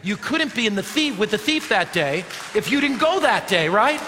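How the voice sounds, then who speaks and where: A man preaching a sermon as pastor, swinging from emphatic shouts to low, quiet passages. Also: very animated, normal speed, long reverb tail, a faint crowd, a little hiss or hum.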